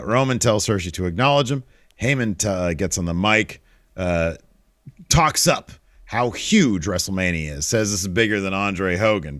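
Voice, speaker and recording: A man co-hosting a wrestling podcast, casually recapping a show with relaxed delivery and frequent fillers. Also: low-pitched, no echo, studio quality.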